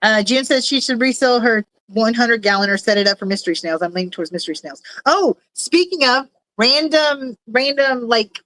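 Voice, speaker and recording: A woman's voice: on the high side, animated, normal speed, a bit bright, dry recording, rough recording. A woman hosting a casual livestream from her home. She reads out chat comments and chats in a rambling way, with lots of fillers and laughs. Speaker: livestream host reading chat. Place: at home in a room with fish tanks.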